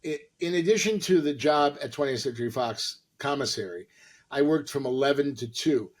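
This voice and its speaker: A man's voice: mid-range voice, lively intonation, moderate pace. A man who is a comedian and actor, a podcast guest telling a long, rambling, profane anecdote full of quoted dialogue.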